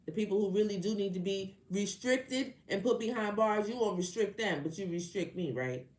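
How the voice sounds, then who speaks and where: A woman's voice: medium pitch, moderate pace, a little mellow. A woman who hosts a tarot live stream, ranting in a heated, exasperated and sarcastic way, firing off rhetorical questions at her viewers. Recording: roomy live-stream audio with faint background noise.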